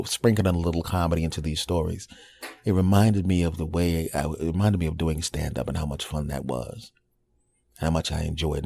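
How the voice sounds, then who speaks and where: A man's voice: low-pitched, gravelly, dark tone, breathy edge. A man in his forties hosting a podcast, telling a casual monologue and acting out little quoted reactions. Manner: conversational storytelling with acted-out quotes. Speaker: podcast host.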